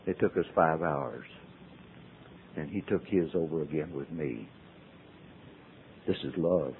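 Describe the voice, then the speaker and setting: A man tells his recovery story to a meeting in a folksy way, swinging from loud to hushed. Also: a bass voice, measured pace, vocal fry, slight background noise. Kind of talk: personal storytelling talk. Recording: tinny phone-like old tape.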